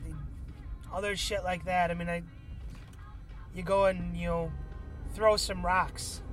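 A man's voice: high voice, flat delivery, unhurried, fairly bright tone, soft background music. A man hosting a podcast, rambling and swearing in a self-deprecating monologue while driving his car. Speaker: podcast host.

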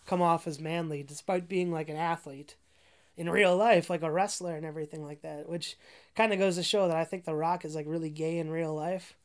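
A woman with a fairly low voice rambling through a casual, profane movie rant. She piles up "like" fillers and restarts as she talks. She breaks into frequent laughs along the way. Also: fairly even intonation, fairly quick.

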